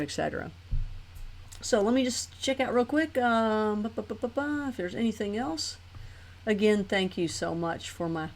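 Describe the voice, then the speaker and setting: A woman hosting a live stream, talking casually and rambling chattily with her viewers. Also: lowish voice. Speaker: host of a live talk stream.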